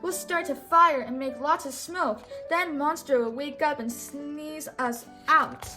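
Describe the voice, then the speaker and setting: A woman voicing a brave, eager wooden puppet boy from a storybook, speaking with excited urgency. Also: high-pitched, a little slow, over music.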